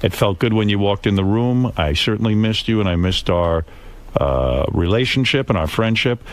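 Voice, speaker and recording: A man's voice: fairly low pitch, lively intonation, moderate pace. A man hosting a radio show, talking frankly and reflectively in a casual studio chat. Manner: reflective, frank, hands off to callers.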